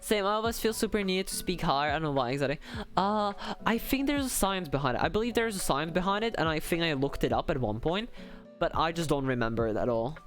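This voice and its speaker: A man's voice: fairly high pitch, animated, fast talker, a bit bright, soft background music. A young man chatting casually on a livestream, rambling and self-deprecating with lots of fillers. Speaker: streamer.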